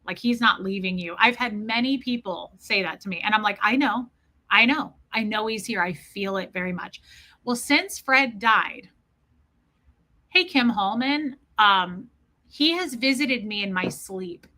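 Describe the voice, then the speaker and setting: A woman's voice: medium pitch, unhurried, sharp tone. A woman hosting a live stream, telling a personal story in an earnest, casual way and greeting viewers by name.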